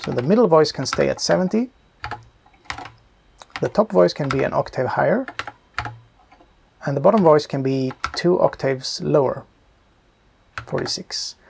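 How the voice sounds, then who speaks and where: A man calmly explaining his programming step by step, thinking aloud as he works. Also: on the high side, unhurried, creaky, pauses often, slight background noise. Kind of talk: screen-recorded coding tutorial.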